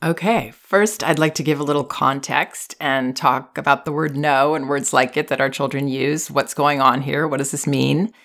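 A woman hosting an advice podcast, reading a listener's letter aloud and then explaining in a measured, gentle way. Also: rumbling low, steady tone. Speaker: podcast host and parenting advisor.

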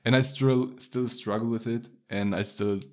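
A man's voice: mid-range voice, fairly even intonation, normal speed. A man with a light Romanian accent, a native Romanian speaker, chatting casually with a friend, laughing often and restarting his sentences. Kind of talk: casual chat.

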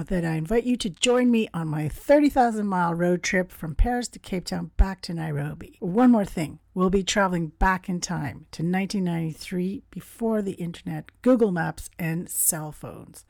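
A woman's voice: on the low side, moderate pace, vocal fry, few pauses, a little mellow, no room sound, studio quality. A middle-aged woman from Canada hosting a travel podcast, chatting casually in a bubbly way and laughing often. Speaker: podcast host.

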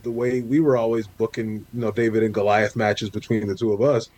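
Guy on a podcast telling wrestling stories, gets loud and excited, casual. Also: fairly quick, slight background noise. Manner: animated storyteller, jumps high for quoted asides. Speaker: podcast co-host. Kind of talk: casual chat.

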